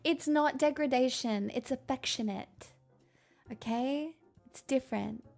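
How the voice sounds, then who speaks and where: A woman's voice: high-pitched, unhurried, creaky, darkish tone, faint music behind. A young woman streamer chatting casually and candidly with viewers, rambling and swearing freely. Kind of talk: casual chat answering viewer questions.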